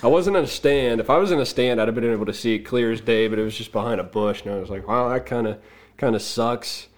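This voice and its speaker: A man's voice: on the low side, very fast. Easygoing man telling hunting stories. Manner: easygoing, anecdotal, laughs at his own stories. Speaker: podcast guest. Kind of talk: casual storytelling.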